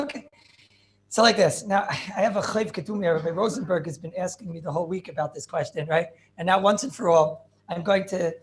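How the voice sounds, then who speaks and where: A man giving an informal Torah class, rambling and joking, with many fillers and questions put to his students. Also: sits high. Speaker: rabbi teaching a class.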